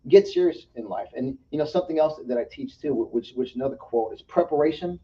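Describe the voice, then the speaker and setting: A man speaking as a guest, preaching motivation in an emphatic way and swinging between loud bursts and soft asides. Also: a little high, quick pace. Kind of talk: fired-up motivational interview talk. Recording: dull, distant sound with faint room ambience.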